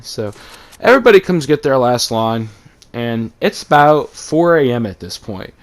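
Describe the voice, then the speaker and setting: A man's voice: medium pitch, very animated, normal speed. A man from East Texas, telling a rambling, profane story about his own life. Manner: rambling, swears a lot, acts out quotes.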